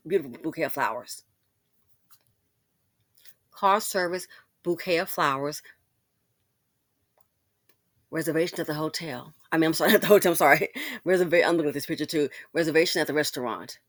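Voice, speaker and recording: A woman's voice: deep voice, normal speed, long pauses, no echo, clean studio sound. A woman hosting a casual commentary, talking straight to her listener in a sassy, outspoken way. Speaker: commentary channel host.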